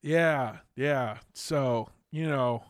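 An American man hosting a podcast, casual and joking, swearing freely and bursting into loud impressions. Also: medium pitch, drawn-out words, dry recording, clean studio sound. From United States. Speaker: podcast host. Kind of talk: casual chat.

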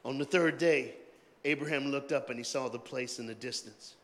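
A man preaching a sermon in a loose call-and-response style, joking in colloquial asides and swinging between shouted rallying lines and hushed, quiet talk. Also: medium pitch, moderate pace. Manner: jokey, colloquial and emphatic. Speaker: pastor. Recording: long hall reverb.

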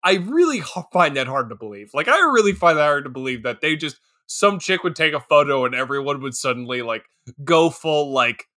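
A man co-hosting a casual movie-review podcast, animated and laughing often, slipping into quick put-on voices. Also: on the high side. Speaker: podcast co-host.

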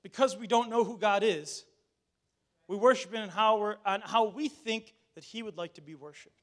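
A man's voice: sits high, moderate pace. A male pastor delivering a sermon. He talks to the congregation directly and mixes scripture with chatty asides and restarts. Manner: animated, addresses the congregation directly.

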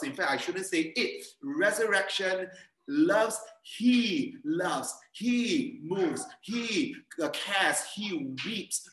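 A man's voice: high voice, pushed and bright. A man preaching a sermon over a video call, earnest and repeating phrases for emphasis. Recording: echoey room, a bit far from mic.

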